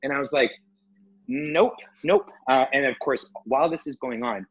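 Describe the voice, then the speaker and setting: A man telling a story in casual chat with friends, animated, laughing and swearing often. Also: mid-range voice, fast talker, husky, muffled recording.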